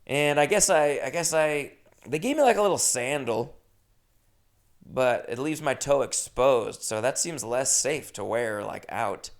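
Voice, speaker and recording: Young male solo podcast host, gravelly, casual rambling storyteller, animated bursts. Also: medium pitch, measured pace. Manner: rambling, animated storytelling with sudden jumps in loudness. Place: his first-floor apartment.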